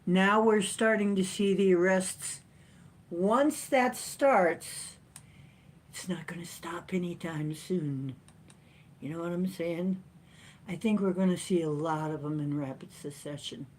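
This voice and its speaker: A woman hosting a casual livestream chat from home, rambling and chatty with frequent laughs and playful jumps in pitch. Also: steady tone, normal speed, a little hiss or hum. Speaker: livestream host. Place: at home, sitting in a chair with a cat.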